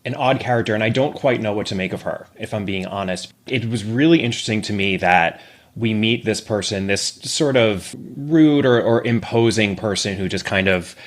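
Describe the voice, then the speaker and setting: A man's voice: lowish voice, normal speed. A man talking animatedly as a podcast guest in a casual book discussion. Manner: animated, acts out quoted characters.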